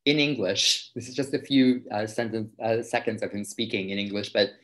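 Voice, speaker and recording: Low-voiced violinist explaining thoughtfully. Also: male voice, moderate pace, fairly bright tone. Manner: thoughtful, explanatory, with frequent restarts. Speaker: violinist giving a talk. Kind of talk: informal lecture.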